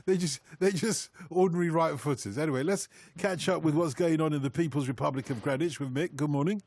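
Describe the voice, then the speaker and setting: A man's voice: fairly high pitch, fast, a little mellow, no room sound, studio quality. A man presenting a live radio football phone-in, reading out numbers and texts with chatty, jokey banter.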